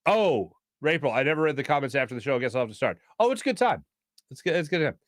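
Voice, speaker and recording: A man's voice: mid-range voice, sing-song, fast talker, no room sound. A man hosting a casual sports talk stream from a small studio, joking loosely and reading viewer comments aloud with plenty of fillers. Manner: loose, jokey, reads chat aloud with many fillers. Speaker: sports talk show host.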